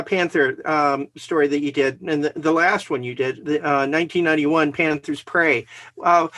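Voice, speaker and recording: A man's voice: fairly high pitch, sharp tone. A man hosting an interview, eagerly asking long, winding questions. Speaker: interview host.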